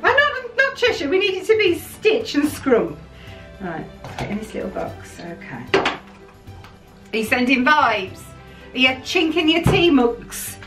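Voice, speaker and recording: Chatty, lively woman vlogger. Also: high voice, takes it slowly, music in the background. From United Kingdom. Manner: chatty and excitable. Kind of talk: casual chat while unboxing. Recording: roomy sound from a distant mic.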